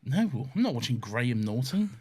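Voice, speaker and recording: A man in a casual film chat, his voice at an ordinary pitch with big, lively swings. He is blunt and teasing and drops swear words freely. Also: normal speed, slightly rough. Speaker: podcast co-host.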